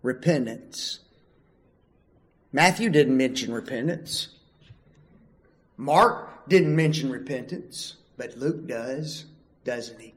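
A man preaching a sermon, emphatic and full of rhetorical questions, swinging from loud calls to hushed asides. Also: on the high side, takes it slowly, long pauses.

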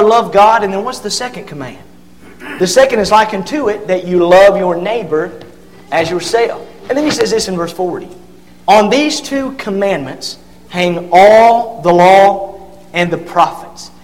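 Preacher, man, high voice, earnest and halting with fillers, recorded in a reverberant hall. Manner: earnest, fillers and repeated words, reads scripture aloud. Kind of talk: sermon.

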